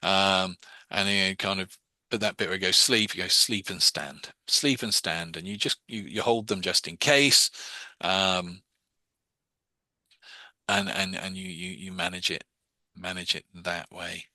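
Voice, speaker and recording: Bright-toned man teaching. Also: low-pitched, little pitch movement, unhurried, long pauses, dry recording. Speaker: hypnosis teacher. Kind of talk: casual online class.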